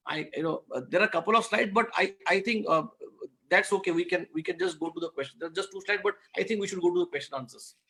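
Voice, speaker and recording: A man teaches business owners in an earnest, repetitive way. His voice sits high for a man and carries a gravelly fry. He tells a simple animal fable to drive home his lessons. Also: bright, forceful tone. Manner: earnest, repeats words, tells a fable to make points. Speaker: guest speaker on business law. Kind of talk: online masterclass talk.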